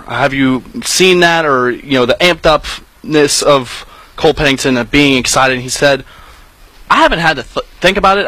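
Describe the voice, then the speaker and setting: A man's voice: medium pitch, bright, forceful tone, dry recording, poor audio. A man on a postgame football show, giving emphatic analysis in long, building runs. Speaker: sideline reporter on a postgame show.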